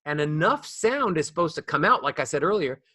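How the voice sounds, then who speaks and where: A man's voice: fairly high pitch, sing-song, a little fast, bright, forceful tone, no room sound, clean studio sound. A middle-aged man, a voice coach being interviewed, talking in a demonstrative way and shifting volume and melody to show his examples. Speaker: voice coach guest. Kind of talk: animated interview talk. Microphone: small ball microphone close up.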